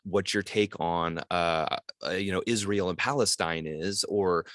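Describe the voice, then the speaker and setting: A man's voice: sits low, measured pace, fairly bright tone, no echo, clean studio sound. A man hosting a podcast, talking casually and eagerly with his guest and reading a passage aloud from a book sleeve. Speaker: podcast host. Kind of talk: podcast interview.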